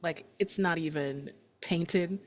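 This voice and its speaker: A woman playing a tabletop game, describing macabre details in a deadpan way. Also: on the low side, takes it slowly. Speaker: player.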